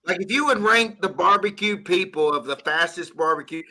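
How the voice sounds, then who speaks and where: A man hosting a casual podcast chat, joking and quick to laugh. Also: high-pitched, sharp tone.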